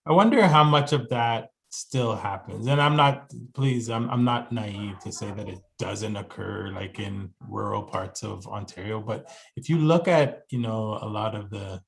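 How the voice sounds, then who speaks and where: A man's voice: on the low side, unhurried, gravelly, few pauses. A man thinking aloud in a casual group discussion on a call, hesitant and searching for words. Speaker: discussion participant.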